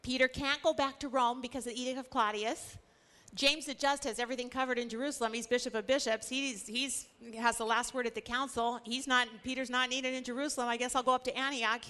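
A woman teaching a Bible study in a lively way, acting out the stories she tells. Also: sits high, fairly quick. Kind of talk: animated scripture teaching.

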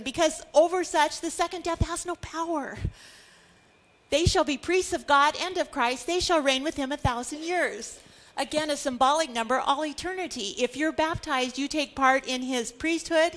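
A woman's voice: high voice, unhurried, a bit bright. A middle-aged woman teaching a Bible study, earnest and building to emphatic declarations.

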